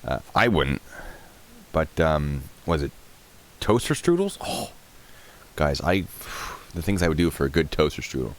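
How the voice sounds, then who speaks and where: A man's voice: extremely low pitch, sing-song, measured pace, long pauses. A man in his thirties hosting a live stream, chatting casually and rambling while answering chat questions.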